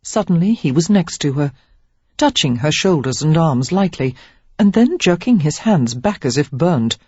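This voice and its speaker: Expressive audiobook narrator, husky voice. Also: mid-range voice, normal speed, no echo, dull audio. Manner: expressive, lively reading. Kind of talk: scripted novel narration.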